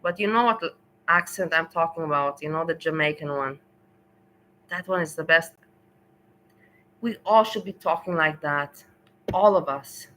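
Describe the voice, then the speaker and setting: A woman streamer whose first language is not English talks in a bright, forward voice. She rambles through blunt, opinionated commentary in a loose, casual livestream manner. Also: deep voice, moderate pace, long pauses, slight background noise, poor audio.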